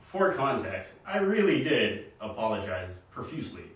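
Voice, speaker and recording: A man's voice: medium pitch, very animated, normal speed. A man co-hosting a casual podcast, telling profane anecdotes in streetwise slang. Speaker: podcast co-host. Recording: echoey room, somewhat distant mic.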